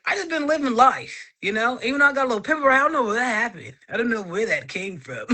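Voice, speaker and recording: Bright, animated woman chatting. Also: on the high side, fast, hardly any pauses. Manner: animated, laughs often between phrases; faith-filled testimony, emphatic repetition. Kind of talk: casual chat.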